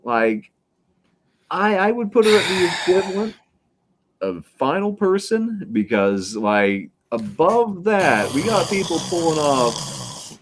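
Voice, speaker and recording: A man guest on a live horror chat, making measured arguments with hesitant restarts. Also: a little high, big pitch swings, background noise.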